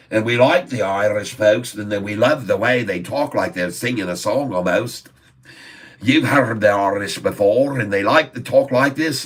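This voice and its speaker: A man's voice: fairly low pitch, distant mic. Man doing a merry, sing-song Irish pub regular, lilting, set back from the mic. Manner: sing-song, exaggerated lilt.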